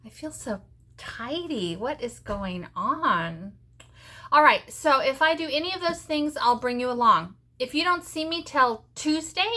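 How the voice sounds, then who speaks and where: Bright-voiced chatty homesteading woman. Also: mid-range voice. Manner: chatty, homey, talks to viewers as friends. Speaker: homesteading vlogger. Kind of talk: casual chatty vlog. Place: home kitchen and garden.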